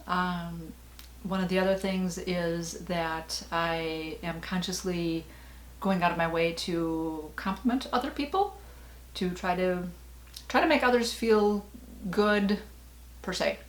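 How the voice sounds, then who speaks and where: A woman's voice: fairly low pitch, steady tone, slow, reverberant. A middle-aged woman vlogging in a casual, rambling way, with many fillers and small laughs. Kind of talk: casual personal vlog talk.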